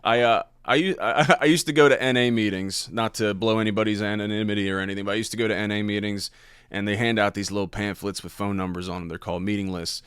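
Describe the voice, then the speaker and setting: A man's voice: on the low side, fairly even intonation, fast talker, a bit bright, smooth, dry recording, clean studio sound. A man who does stand-up, telling a story as a podcast guest in a laid-back, profane way. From Ohio. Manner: laid-back, profane, laughs between lines. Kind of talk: casual storytelling.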